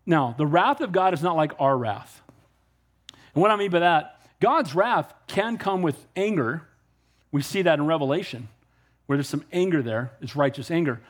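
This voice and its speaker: A pastor's slightly high, expressive voice carries his sermon at a moderate pace. Emphatic and conversational, he keeps asking "Amen?", uses rhetorical questions, and reenacts conversations with unbelievers he has talked to.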